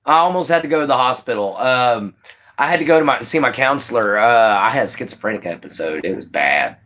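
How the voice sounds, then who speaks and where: A man's voice: medium pitch, lively intonation, brisk, sharp tone. A man hosting a casual livestream, chatting with viewers by name and laughing often. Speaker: livestream host.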